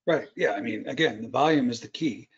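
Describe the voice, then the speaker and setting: A man's voice: mid-range voice, fairly quick, lo-fi sound. A man who is a futures trader, presenting a live trading webinar and explaining step by step, often checking in with "right?".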